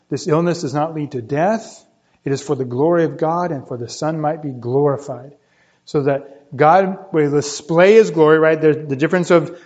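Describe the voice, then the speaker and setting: High-pitched guy preaching, keeps saying right?, muffled lo-fi audio. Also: a little mellow. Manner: teaching, often checks with "right?", rises in pitch for emphasis. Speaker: pastor. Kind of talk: sermon. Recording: dull lo-fi sound.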